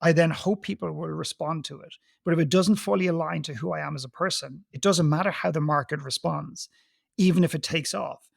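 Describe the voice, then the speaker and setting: A man's voice: a little high, fairly even intonation, fairly quick, creaky, no room sound, clean studio sound. A man speaking as a guest coach on a podcast, talking emphatically and telling stories with acted-out quotes. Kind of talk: conversational podcast interview.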